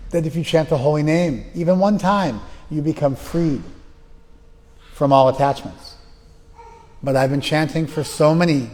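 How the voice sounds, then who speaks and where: A man's voice: on the high side, a little mellow. Man teaching scripture in a reverberant room. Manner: recites verses then explains them, storytelling with acted voices. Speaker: spiritual teacher. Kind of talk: lecture on scripture. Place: class room.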